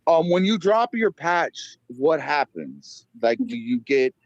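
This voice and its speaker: A man's voice: fairly high pitch, big pitch swings, takes it slowly, dry recording. Polite, curious man, dull distant sound. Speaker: guest asking questions in a clip. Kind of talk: casual chat. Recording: dull, distant, dry clip.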